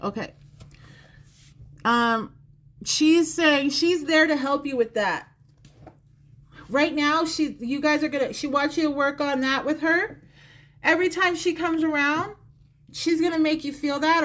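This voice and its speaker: High-voiced woman giving a chatty psychic reading. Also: a bit bright. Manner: chatty, repetitive, addresses the viewer directly. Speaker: psychic reader. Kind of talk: live-stream psychic reading. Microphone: phone or close mic on a live stream.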